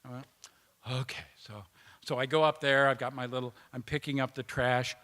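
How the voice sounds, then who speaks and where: A man gives a speech at a conference and tells personal stories in a conversational way, with frequent restarts. His voice is at a middle pitch. The sound carries the long reverb of a large hall. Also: flat delivery, brisk, sharp tone. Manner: conversational, with restarts and acted quotes. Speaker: speaker at a peace conference.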